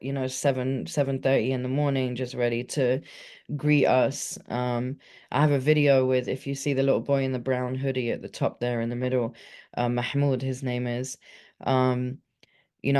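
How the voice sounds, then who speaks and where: A woman's voice: a bass voice, darkish tone. A woman, an organization's executive director, chatting casually in a webinar over a video call, with fillers. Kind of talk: webinar talk.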